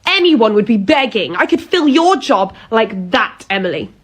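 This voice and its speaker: A woman's voice: on the high side, very animated, moderate pace, breathy edge. A woman playing a bossy, dismissive pub manager who talks down to her staff in a comedy sketch. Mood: condescending. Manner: condescending, talks down.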